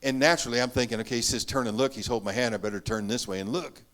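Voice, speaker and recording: A man preaching a sermon, telling his story earnestly, rising to loud emphatic bursts and dropping to hushed asides. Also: mid-range voice, very fast. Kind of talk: sermon testimony.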